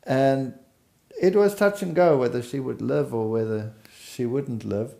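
A middle-aged man speaks slowly and earnestly as he tells a personal story. His voice is gravelly, with audible fry, and he takes his time over each phrase. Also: medium pitch, dark tone. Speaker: speaker telling life story. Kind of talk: personal testimony in conversation.

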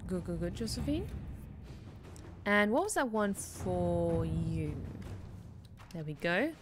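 A woman's voice: on the low side, animated, slow pace, over music. A woman streaming a game, chatting casually and reading in-game notes aloud. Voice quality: chatty, frequent fillers. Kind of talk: casual let's-play chat.

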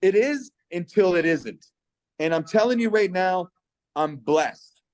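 A middle-aged man from Canada talks on a video call, earnest and persuasive, his fairly high voice catching with feeling. The sound is close and dry, with no room around it. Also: animated, a little slow, darkish tone, dry recording. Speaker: guest giving a testimonial. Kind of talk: personal testimonial on a video call.

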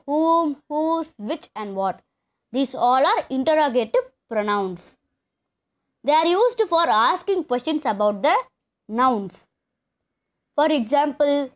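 High-pitched, animated woman teaching grammar. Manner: explains step by step, repeats key terms. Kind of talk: classroom lesson.

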